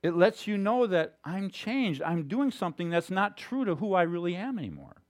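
A man's voice: high voice, sing-song, normal speed. A male pastor giving a conversational, emphatic sermon.

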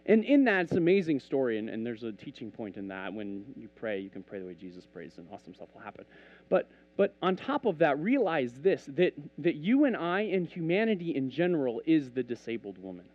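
A man's voice: mid-range voice, a little fast, lo-fi sound. A man preaching a casual, conversational sermon, telling stories and acting out bits of dialogue. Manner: animated, conversational, acts out dialogue.

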